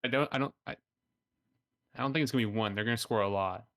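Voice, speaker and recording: A man's voice: on the low side, fast, fairly bright tone, dry recording. A man in a casual chat over an online call, hesitant and second-guessing his own picks. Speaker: co-host.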